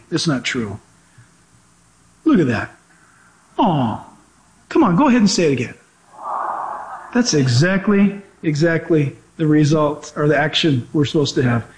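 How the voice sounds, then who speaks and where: A male preacher with a very high voice delivers a sermon in an echoey church. He preaches with animated swings, throwing out rhetorical questions and mock voices. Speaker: pastor.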